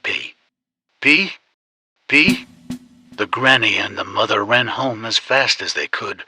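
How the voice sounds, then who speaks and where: A man telling a ghost story in slow, even scripted narration. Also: on the low side, a little hiss or hum. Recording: music bed under the voice.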